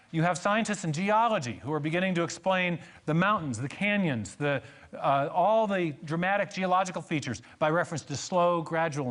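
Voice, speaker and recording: A man giving a church lecture on science and faith, telling stories with emphatic repetition and joking asides. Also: fairly high pitch.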